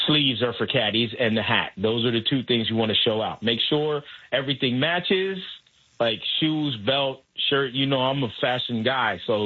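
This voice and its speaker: A man telling a caddying story in casual chat, animated and acting out voices in his anecdote. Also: medium pitch, slightly rough, narrow, tinny audio. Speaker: guest, golf caddy and comedian.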